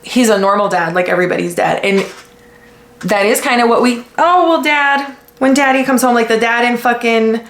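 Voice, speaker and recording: A woman from the United States hosting a podcast, talking in a blunt, casual way with lots of swearing and animated retellings. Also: on the high side, moderate pace. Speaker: podcast host. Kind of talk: casual commentary. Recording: echoey room.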